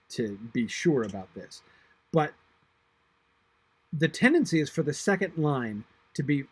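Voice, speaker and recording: A man teaching a literature class, reading verse aloud slowly and thinking aloud with many fillers and restarts. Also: fairly high pitch, breathy edge, dry recording. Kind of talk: online class discussion of a poem.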